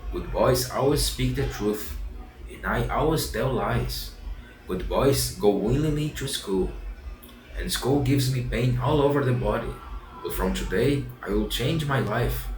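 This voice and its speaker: A man's voice: mid-range voice, lightly acted. A man voicing Pinocchio, a remorseful wooden puppet boy, earnestly repeating his promises in a storybook reading. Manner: earnest, repeats phrases over. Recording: roomy echo, distant mic, faint music.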